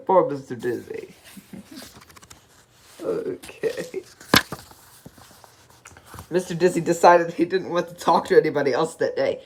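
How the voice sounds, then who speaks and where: An unpolished storybook reader who giggles often and trips over words while reading aloud. The voice sits in a middling pitch, and a faint hiss runs under the recording. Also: slow, long pauses. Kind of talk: casual storybook read-along.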